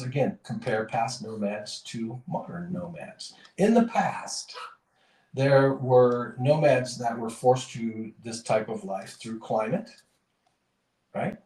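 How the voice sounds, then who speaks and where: Brief: podcast host, rambling and self-correcting, echoey room, mic far off. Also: male voice, medium pitch, a little mellow. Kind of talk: casual chat and joke telling. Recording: roomy, distant mic.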